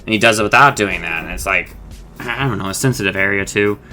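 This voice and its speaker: A man's voice: fairly low pitch, quick pace, sharp tone, soft background music. A young man hosting his own channel, giving a casual, rambling episode recap with frequent swearing and self-corrections. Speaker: host of an episode discussion channel.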